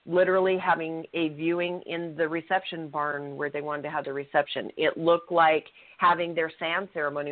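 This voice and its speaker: A middle-aged woman co-hosting a talk show, telling a personal story in an earnest, blunt way and swearing freely. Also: low-pitched. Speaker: co-host. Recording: tinny phone-line audio.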